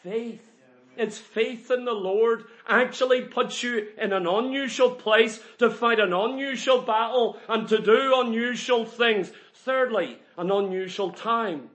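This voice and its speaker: A man preaching a sermon to a congregation, emphatic and full of rhetorical questions, building to loud peaks. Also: extremely high pitch, a little slow.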